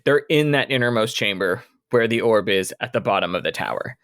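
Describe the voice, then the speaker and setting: A man's voice: fairly low pitch, animated, a little fast, fairly bright tone, no room sound, clean studio sound. A man co-hosting a podcast, commenting casually on a book chapter. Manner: adds comments, chuckles often. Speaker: podcast co-host.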